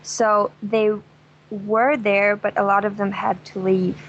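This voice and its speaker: A woman's voice: medium pitch, little pitch movement, takes it slowly, muffled recording, slight background noise. A woman from Germany with a German accent, a travel guest chatting casually in an interview, laughing often and telling jokes with gusto. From Dresden, Germany.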